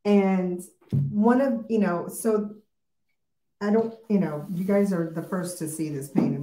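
A woman's voice: medium pitch, measured pace, mellow, roomy sound. A middle-aged woman hosting a casual morning devotional livestream, talking in an emotional, rambling way with many fillers.

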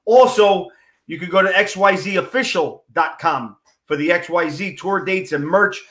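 Man, New York accent, show host, joking catchphrases, high voice, echoey room. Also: normal speed, a bit bright. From Queens, New York. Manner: joking, keeps saying "forget about it". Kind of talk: casual interview chat.

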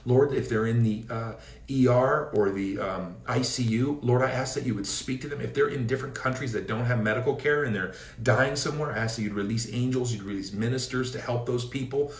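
A man's voice: a little fast, reverberant, far from the mic. A man from the Seattle area leading a fervent prayer and sermon, declaring and telling stories with energy. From Seattle area, Washington State. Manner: fervent, declaring, storytelling with rising pitch. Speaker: preacher.

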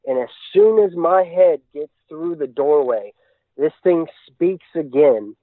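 A fairly high-voiced man tells his story with earnest urgency, stringing moments together in long run-on chains. He comes through a thin, narrow phone line with a dry, close sound. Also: lively intonation, measured pace, no room sound. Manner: earnest, tumbling run-on retelling. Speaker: guest recounting an encounter. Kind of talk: casual storytelling.

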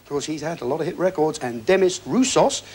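Hosting a TV quiz show before a studio audience, a man reads questions and banters with contestants in a light, easygoing way. His voice sits on the high side and is husky and a little mellow, and he talks fast.

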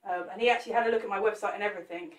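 A woman's voice: medium pitch, racing, far from the mic. Woman, live teaching demo, friendly joking manner, set back from the mic. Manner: chatty, jokey, talks to viewers while working. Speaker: cake artist teaching a live sculpt. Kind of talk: chatty live demonstration. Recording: roomy echo, off the mic.

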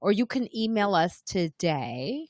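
A woman's voice: medium pitch, very animated, measured pace, a little mellow, no echo. Chatty woman hosting a dry-sounding live stream. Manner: chatty, reads out viewer comments. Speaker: podcast host. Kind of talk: casual live-stream chat.

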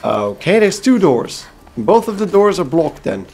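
A man's voice: sits high, sing-song, unhurried, a little mellow. A man from Belgium hosting a let's play, chatting casually and making wry asides to viewers. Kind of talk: casual gameplay commentary.

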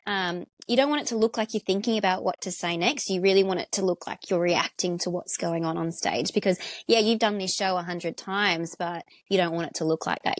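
Female guest actor, a touch low in pitch, earnest and keen, dead-dry recording. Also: dry recording. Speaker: actor and interior designer, guest. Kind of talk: casual interview chat.

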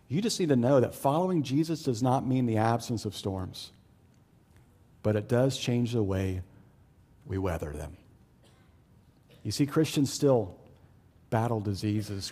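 A man preaching a sermon as pastor, talking to the congregation in a conversational way and swinging between loud, excited storytelling and low, hushed emphasis. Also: breathy edge, long reverb tail. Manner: conversational, with fillers and asides to the congregation.

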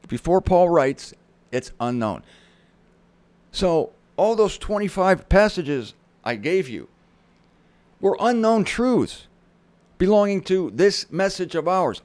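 A middle-aged man gives a Bible teaching in a lively sermon style, his voice sitting fairly high for a man. He reads scripture aloud with dramatic emphasis and slips in chatty asides. The recording is close and dry, with no room sound. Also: no echo. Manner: conversational asides.

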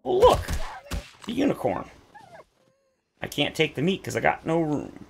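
A man's voice: huge pitch swings, unhurried, creaky, a little hiss or hum. A man giving game commentary, complaining at length in a theatrical, exasperated way. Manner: exasperated, theatrical complaining with big pitch jumps. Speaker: gaming YouTuber.

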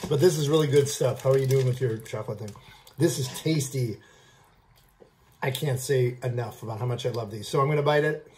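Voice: mid-range voice, a little mellow, a little hiss or hum. Vlog host munching candy and gushing about it, lots of ums, talky and casual. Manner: gushing, repeats "I love", halting fillers. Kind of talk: casual food tasting review.

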